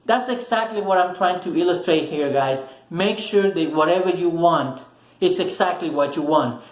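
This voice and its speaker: A man's voice: on the high side, normal speed, echoey room, rough recording. A man giving a casual, earnest motivational talk to camera, repeating words for emphasis. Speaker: motivational vlogger.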